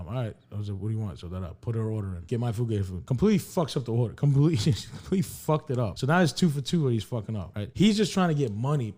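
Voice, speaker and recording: A man telling a story on a podcast in a casual, profane way, acting out the dialogue. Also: fairly low pitch. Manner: animated, profane, acts out dialogue. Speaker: podcast host.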